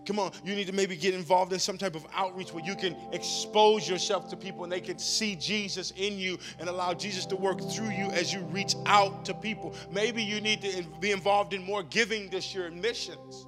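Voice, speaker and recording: Pastor guy preaching, kinda high voice, big echoey hall w music playing under. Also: fairly even intonation, a little fast, few pauses, fairly bright tone. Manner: rhythmic, repetitive preaching that builds in emphasis. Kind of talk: sermon. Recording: long hall reverb with music behind.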